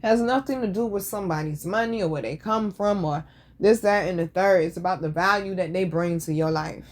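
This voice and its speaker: A woman's voice: on the low side, a little fast. A woman hosting a casual show, telling stories in a blunt, profane, sassy way. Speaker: podcast host. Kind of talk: casual storytelling chat.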